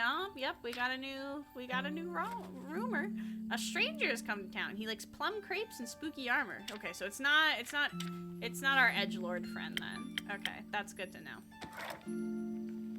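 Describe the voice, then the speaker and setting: A giggly woman chatting casually on a game stream. Her voice sits very high and bounces around in pitch. Game music plays steadily behind her. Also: expressive, moderate pace.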